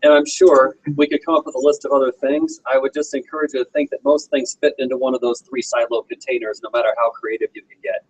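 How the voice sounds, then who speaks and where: A man's voice: mid-range voice, steady tone, fast talker, few pauses, slightly rough, rough recording. A man in his forties speaking to a meeting audience, telling a personal story in an earnest, direct way. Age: 40s. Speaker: guest motivational speaker.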